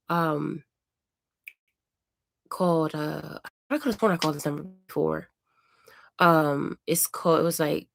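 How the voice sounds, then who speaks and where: A woman with a fairly low voice tells a story to her vlog audience from home, chatty and animated. She acts out each person's lines as she goes. The recording is close and dry, with no room sound. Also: dry recording. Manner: animated, chatty retelling with acted-out quotes. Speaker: family vlogger, mother.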